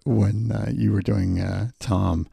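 A man's voice: lowish voice, fairly even intonation, takes it slowly, vocal fry, dark tone. A man co-hosting a casual podcast, laid-back and agreeable, often laughing. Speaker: podcast co-host.

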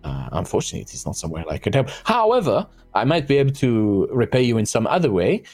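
A man's voice: mid-range voice, very animated, fast talker, darkish tone, soft background music. A man voicing a gracious, formal fae noblewoman who speaks politely with frequent hesitations. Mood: courteous. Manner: formal, hesitant with many fillers.

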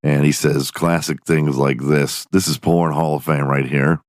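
A man's voice: a bass voice, flat delivery, unhurried, dry recording, clean studio sound. A man hosting a podcast, giving crude comedic commentary, swearing freely and laughing often as he mocks a clip. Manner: profane, laughing often, mocking. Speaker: podcast host.

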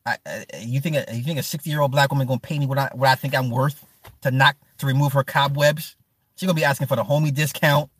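A man hosting a livestream who chats casually with his viewers, animated and profane, laughing often and answering them by name. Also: medium pitch, quick pace, husky, no room sound. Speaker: livestream host. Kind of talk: casual stream chat.

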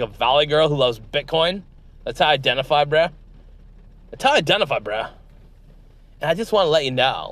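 A man's voice: mid-range voice, fairly bright tone, natural voice. A man putting on a crude, swaggering male crypto tycoon who talks like a valley girl, full of fillers and bro slang.

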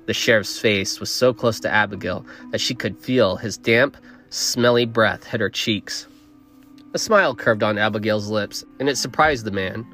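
A man's voice: fairly low pitch, normal speed, fairly bright tone, soft background music. Man narrating a story.

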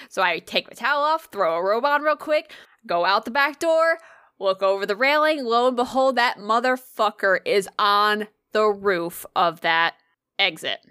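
A woman chatting casually, telling a story with lots of swearing and animated energy. Her voice is bright and forceful, recorded dry and close with no room sound. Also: mid-range voice, normal speed, clean tone, no room sound. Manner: animated, profane, swears freely.

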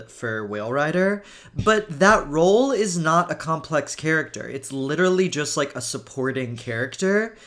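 A young adult man hosting a podcast, chatting casually in campy, gushing rants about films and comics. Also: fairly bright tone. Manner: campy, gushing pop-culture rants with big pitch swings. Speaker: podcast host. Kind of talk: casual chat.

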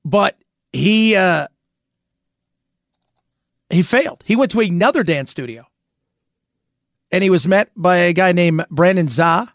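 A man's voice: high-pitched, lively intonation, unhurried, pauses often, fairly bright tone, dry recording. Sarcastic man with a dry close sound. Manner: sarcastic, rhetorical questions. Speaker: commentary show host. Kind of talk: opinionated news commentary.

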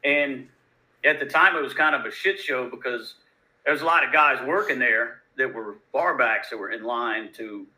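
A man from Louisiana, a bartender guest telling profane, animated stories in a casual interview. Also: medium pitch, moderate pace, low-quality recording. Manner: profane, animated, laid-back. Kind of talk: casual storytelling.

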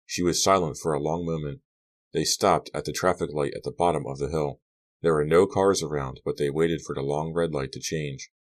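A man's voice: a bass voice, steady tone, normal speed. A man reading a young adult horror novel aloud as an audiobook narrator, giving the characters' lines small shifts of voice.

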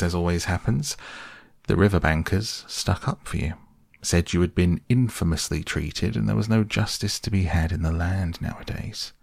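A man's voice: sits low, vocal fry, a little mellow, dry recording, studio quality, full character voice. A man voicing a sensible male water rat who explains things insistently in a bedtime audiobook.

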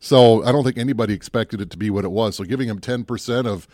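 A man's voice: lowish voice, fast talker, darkish tone, dry recording, clean studio sound. A man co-hosting a casual movie chat show, rambling and musing aloud, often breaking off mid-thought. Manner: rambling, musing, self-interrupting. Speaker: podcast co-host.

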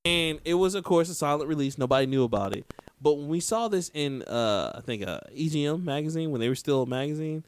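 A man's voice: fairly high pitch, expressive, fairly quick, clear, resonant tone, no room sound. A man hosting a casual podcast chat, hyped and teasing, trash-talking with slang. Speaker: podcast host.

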